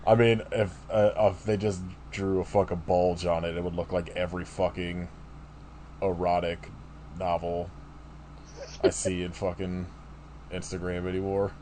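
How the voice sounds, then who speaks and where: A man's voice: low-pitched, level tone, a little slow, mellow, a little hiss or hum. A man co-hosting a podcast, chatting bluntly, laughing and swearing a lot. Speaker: podcast co-host. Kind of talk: casual chat.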